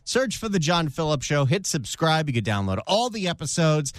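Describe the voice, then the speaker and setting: A man's voice: a little high, big pitch swings, normal speed, no echo, clean studio sound. Wisecracking male radio co-host. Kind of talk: talk radio banter.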